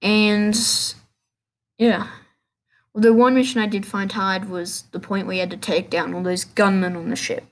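A woman's voice: medium pitch, flat delivery, moderate pace. Rambling woman on a gaming podcast. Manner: rambling, restarts often, offhand. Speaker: podcast host. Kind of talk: casual solo gaming podcast.

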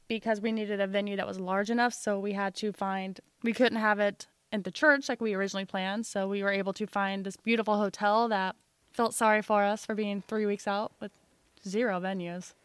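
Smooth-voiced young woman, dry close sound. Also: medium pitch, no echo. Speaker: podcast co-host. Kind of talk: casual chat.

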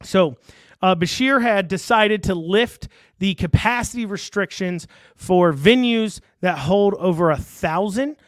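A man's voice: high voice, a bit bright, clear, resonant tone, dry recording. A man giving casual online political commentary, rambling and sarcastic, with many fillers and restarts.

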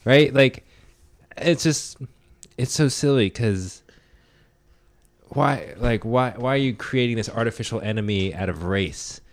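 A man's voice: medium pitch, a little slow, pauses often, no room sound. A young man hosting a casual podcast chat, swearing freely and often asking "right?". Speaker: podcast host.

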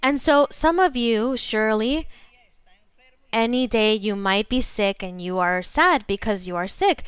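Woman, preacher, fervent sermon, smooth voice, dry close sound. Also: a little high, animated, dry recording. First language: Spanish. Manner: fervent preaching, slows for emphasis. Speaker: pastor.

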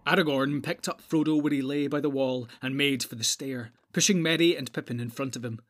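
A man narrating a fantasy audiobook in a steady, measured storytelling manner, with a husky voice. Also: mid-range voice.

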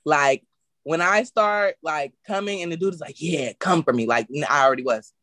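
A woman with a low voice hosts a loose, explicit chat, talking bluntly and cussing freely. Her voice sounds dry and close to the mic. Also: normal speed, no room sound. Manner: blunt, animated, swears freely.

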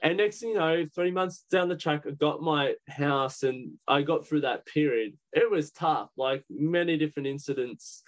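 Speaking candidly as a podcast guest, this young Australian rambles through his own story with plenty of "like" fillers. He has a voice on the high side and a moderate pace, and he barely pauses at all.

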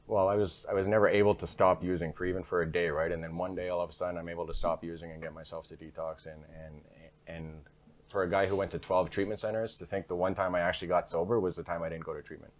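A man's voice: low voice, steady tone, fast. A man speaking frankly in an interview, telling his story in a casual, conversational way and often tagging his sentences with "right?". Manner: frank, repeats "right?" tags. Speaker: interview guest.

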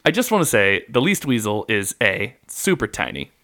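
A man's voice: fairly low pitch, sing-song, normal speed, sharp tone. A man co-hosting a casual podcast, telling facts in a chatty, rambling way with laughs and fillers. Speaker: podcast co-host.

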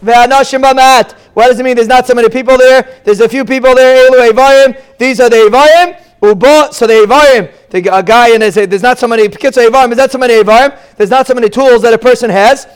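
A man with a high, smooth, clear voice teaches a Torah lesson. He is animated and tells stories, and his voice climbs sharply when he stresses a point. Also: quick pace, hardly any pauses. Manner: animated, storytelling, pitch jumps up for emphasis. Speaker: Torah teacher giving a daf shiur. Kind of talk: lively Torah lecture with Yiddish and Hebrew terms.

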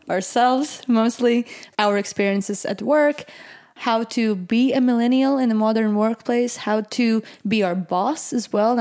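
A woman from Latvia, hosting a casual podcast chat, hesitant with many fillers and restarts and quick to laugh. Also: on the high side, a little mellow. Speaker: podcast host.

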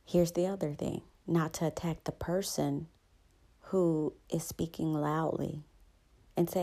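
A woman hosting a calm, reflective self-help talk, soothing and conversational, often adding "right?" to her points. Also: sits low, a little slow, creaky. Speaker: host.

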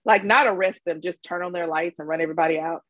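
Chatty Mississippi woman, podcast guest, slightly husky, dry and close. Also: lowish voice, fast, fairly bright tone, no room sound, low-quality recording. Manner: chatty storyteller, laughs often. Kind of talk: casual chat.

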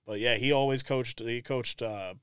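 A man's voice: medium pitch, steady tone, normal speed, fairly bright tone, smooth, dry recording, clean studio sound. A young man, a podcast guest rambling casually about his work and family, with lots of fillers. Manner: laid-back, rambling with many fillers. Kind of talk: casual chat.

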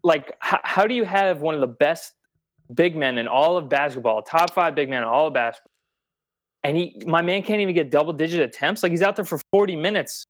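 A man's voice: on the high side, a little fast, dry recording. A man co-hosting a sports podcast, talking bluntly and emphatically in casual chat, swearing freely. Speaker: podcast co-host.

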